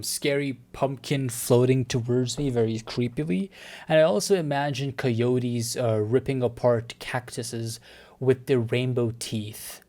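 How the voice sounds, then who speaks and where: A man's voice: mid-range voice, darkish tone. A man reading a visual novel aloud, breaking off into flustered, jokey, stammering commentary. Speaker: gaming video creator.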